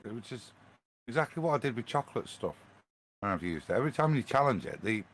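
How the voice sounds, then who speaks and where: A man on a panel chat who speaks bluntly and with confidence. His pitch swings widely, lively and animated. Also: fast, slight background noise.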